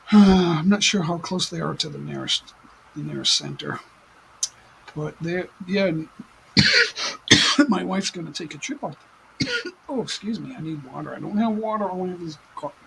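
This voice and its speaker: An American man hosting a casual livestream chat from home, rambling and halting with many fillers and restarts, sitting a little back from his desk mic. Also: fairly high pitch, creaky, pushed and bright, slight background noise, poor audio. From United States. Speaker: livestream host. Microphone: desk mic at some distance.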